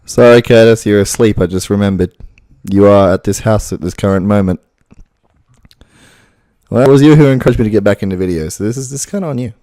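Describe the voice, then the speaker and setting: A man's voice: lowish voice, fast talker, dark tone, no room sound. A man rambling and swearing to himself in a casual practice session at home, right up on a close microphone. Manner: rambling, swearing self-talk. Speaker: impressionist youtuber. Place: room at home.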